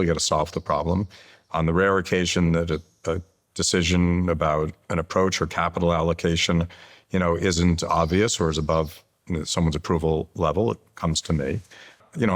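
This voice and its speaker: A very deep-voiced man in his sixties speaks as a guest in an interview. He lays out his thinking in a measured, explanatory way and slips into anecdotes. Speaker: interview guest, chief executive. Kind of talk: conversational interview.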